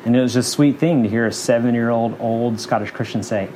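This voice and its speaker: A man preaching a sermon, earnest and conversational, stacking up repeated phrases. His voice sits at an ordinary middle pitch. A faint hiss runs underneath. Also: fairly even intonation, fairly quick. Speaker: pastor.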